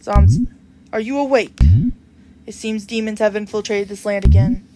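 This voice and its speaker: A woman reading the lines of an old, weary reaper with principles, gentle and formal, over game music. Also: medium pitch, very animated, normal speed, pitched below the performer's own voice, close to an everyday voice. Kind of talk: reading game dialogue aloud. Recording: music playing behind.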